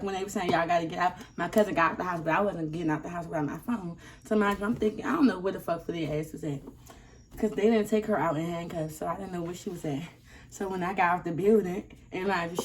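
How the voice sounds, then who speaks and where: Animated young woman telling a story. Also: fairly low pitch, a little hiss or hum. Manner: animated, profane, laughing storyteller. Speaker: vlogger. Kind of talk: casual storytime.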